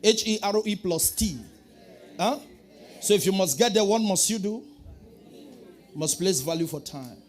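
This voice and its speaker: A man preaching a sermon, calling out to the congregation and swinging from quiet asides to shouting. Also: high voice, animated, moderate pace, long pauses. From Nigeria. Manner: preaching with call-and-response, swinging from soft to shouting. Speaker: pastor.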